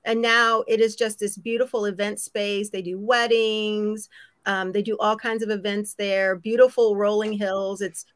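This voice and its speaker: A woman's voice: mid-range voice, little pitch movement, a little slow, no room sound. A woman co-hosting a casual talk show, chatty and upbeat. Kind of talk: casual chat.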